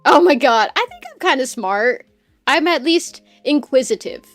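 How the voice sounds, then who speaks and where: A woman streamer chatting casually while she draws, loud and crude, rambling and laughing often. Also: high-pitched, lively intonation, normal speed, no echo, faint music behind.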